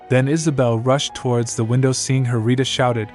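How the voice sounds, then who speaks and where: A man narrating a story recap in a plain, steady reading. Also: medium pitch, moderate pace, hardly any pauses. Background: faint music.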